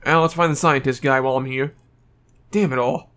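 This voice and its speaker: A man's voice: medium pitch, steady tone, a little fast, fairly bright tone, clean tone, soft background music. A young man casually commenting on his gameplay, swearing offhand and reading on-screen text aloud. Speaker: let's play gamer.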